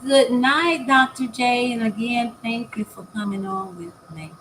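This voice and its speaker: Slow, halting older woman vlogger. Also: fairly high pitch, fairly bright tone, rough recording. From United States. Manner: halting, many fillers and repeated words; earnest and heartfelt. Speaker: new YouTube content creator. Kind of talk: casual vlog talk to viewers. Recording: faint background noise.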